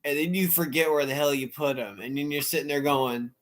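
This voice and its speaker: A man hosting a casual livestream chat, talking in an animated way and bursting into playful shouting impressions. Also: on the high side, fairly quick. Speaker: livestream host.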